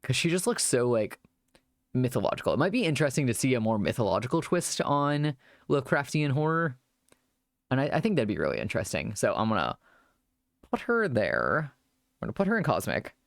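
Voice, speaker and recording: Brief: rambling male streamer, lively voice with a gravelly edge, dry close sound. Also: mid-range voice, a little fast, no room sound. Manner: rambling, chatty, improvising; thanks viewers for follows. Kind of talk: casual live-stream chat.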